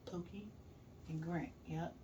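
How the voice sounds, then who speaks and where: A middle-aged woman casually telling a story, animated, laughing and swearing as she goes. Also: lowish voice, a little slow, distant mic, lo-fi sound, a little hiss or hum.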